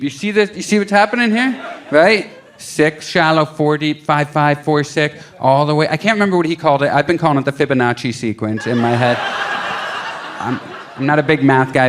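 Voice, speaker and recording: A young adult man performing a stand-up comedy set on a club stage into a handheld mic, telling a story with lively acted-out quotes. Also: on the high side, slight background noise. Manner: animated storytelling, acting out quotes.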